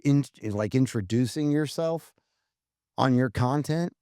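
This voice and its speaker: A man's voice: mid-range voice, unhurried, dark tone, no room sound, clean studio sound. A man co-hosting a casual marketing podcast, laying out tips in a blunt, emphatic way and swearing freely. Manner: blunt, profane, emphatic, lays out numbered tips. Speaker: podcast co-host.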